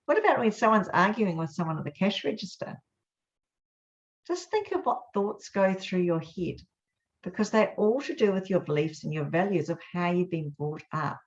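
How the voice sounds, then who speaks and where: A woman hosting a motivational live talk, speaking in an earnest, reflective way with gentle pauses. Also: on the low side, expressive. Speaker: host. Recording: dull lo-fi sound.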